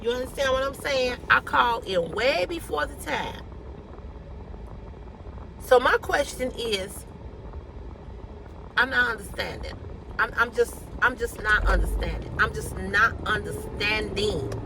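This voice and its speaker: A woman's voice: on the high side, measured pace, gravelly, long pauses. An adult woman vents angrily to her viewers while driving, repeating herself and swearing. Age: adult with a mortgage and a child. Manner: angry, repetitive venting, swearing. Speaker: vlogger. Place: in a car. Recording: distant phone mic in a car with loud road noise.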